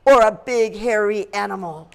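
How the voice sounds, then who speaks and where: A woman teacher reading aloud and leading games in a classroom, lively and expressive with playful gasps. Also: medium pitch, normal speed, vocal fry.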